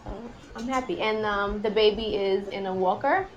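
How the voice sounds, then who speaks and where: A woman in a parents' group chat giving an unhurried update with fillers. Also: mid-range voice, lo-fi sound, noisy background.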